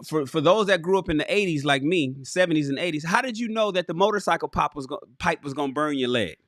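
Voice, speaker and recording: Animated man reading on a livestream. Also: on the high side, fast, no room sound, studio quality. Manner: animated, preachy storyteller, riffs on his reading. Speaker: livestream host reading a book. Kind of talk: reading a book aloud with livestream commentary.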